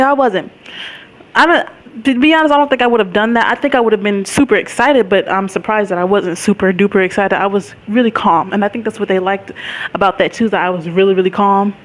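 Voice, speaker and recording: A woman's voice: medium pitch, poor audio. A young woman vlogger telling a story in a chatty, rambling way, with lots of fillers and frequent laughs. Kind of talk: casual storytelling vlog.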